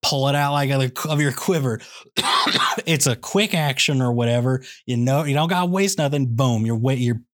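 Speaking at a normal pace, a man rants comedically and excitably on a podcast. He keeps tacking "okay?" and "all right?" onto what he says, and his pitch shoots up whenever he gets fired up.

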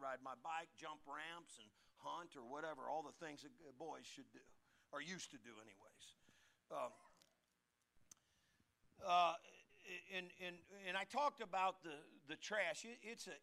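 High, bright-voiced folksy preacher man. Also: creaky. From United States. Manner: folksy preaching, rising to emphatic calls for the congregation to repeat. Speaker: pastor. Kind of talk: sermon.

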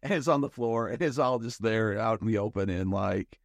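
In a dry recording, a man co-hosting a podcast speaks in a lowish, creaky voice at moderate speed. He rambles through casual chat, thinking out loud and restarting often.

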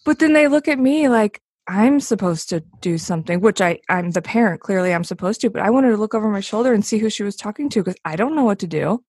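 A woman's voice: medium pitch, expressive, fast talker, few pauses, darkish tone, breathy edge, no echo, clean studio sound. A woman, a co-host and parent, sharing a candid story in a relatable way. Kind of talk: casual interview chat.

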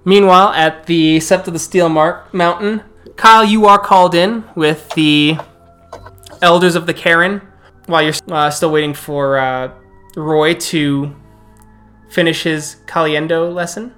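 Male game master, unhurried narrator, faint music behind. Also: a little high, steady tone, bright, forceful tone, smooth. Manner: slow, drawn-out narration with restarts.

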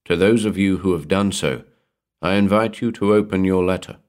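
A man's voice: low voice, lightly acted. Man voicing Brownie, hollow-toned hotelier. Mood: solemn. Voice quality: hollow, monotonous tones. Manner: measured, formal, softly commanding. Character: eerie blank-faced male hotelier, calm and ominous. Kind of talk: audiobook horror character voice.

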